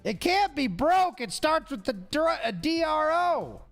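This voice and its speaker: A man's voice: very high-pitched, vocal fry, a bit bright. A man streaming live and thinking aloud as he sounds out word guesses and greets his chat. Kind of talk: casual live-stream chat while solving a word puzzle. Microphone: headphones with mic. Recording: faint music behind.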